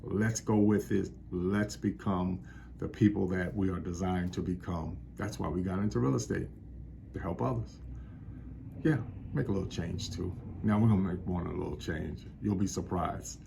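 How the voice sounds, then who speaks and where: Man from New York, low voice, motivational vlog pep talk, preacher-like cadence, faint noise in the background. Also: fairly even intonation, normal speed, creaky. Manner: encouraging, preacher-like exhortation. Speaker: real estate agent vlogger.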